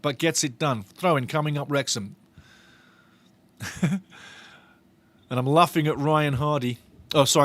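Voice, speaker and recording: On a watch-along stream, a fairly high-voiced fan calls the match live with excitement, animated, laughing frequently and repeating himself. The recording has no room sound.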